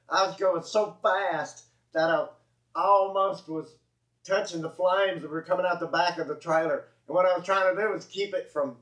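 A man's voice: high-pitched, fairly bright tone. A man with a Southern US accent telling a rambling, chuckling farm story, often correcting himself mid-sentence. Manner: rambling, self-correcting, chuckling folksy delivery. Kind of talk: casual spoken anecdote. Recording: echoey room, dull lo-fi audio.

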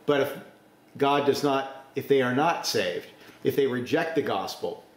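A man preaching a sermon, forceful, with sudden rises to emphasis. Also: mid-range voice, animated, a little slow, roomy sound.

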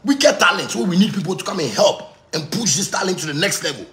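Ranting Ghanaian man, high and lively. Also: fast talker, echoey room. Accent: Ghanaian Pidgin English. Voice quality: loud, excitable, repetitive. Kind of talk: heated rant.

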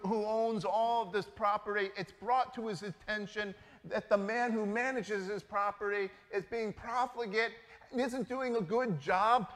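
A man preaching a sermon as a priest, telling stories in a relaxed, conversational way. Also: sits high. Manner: conversational storytelling, animated. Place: church sanctuary. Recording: reverberant church hall.

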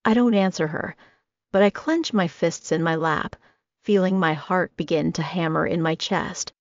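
Low, gravelly woman narrating. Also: normal speed, no echo. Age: 20s. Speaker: audiobook narrator. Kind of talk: first-person audiobook narration. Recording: dry, slightly dull audio.

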